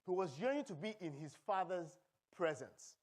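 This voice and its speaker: A Nigerian-accented pastor preaching in church, his voice sitting noticeably high for a man. He moves between reading scripture and joking with the congregation. His delivery is animated and calls for answers from the pews. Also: normal speed. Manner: animated preaching with humor and call-and-response. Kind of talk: sermon.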